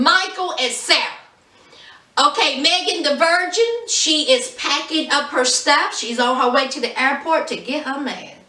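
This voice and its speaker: A woman recapping a reality show in a sassy, mocking, animated way. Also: high voice, reverberant, distant mic. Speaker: reality TV reviewer. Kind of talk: casual recap commentary.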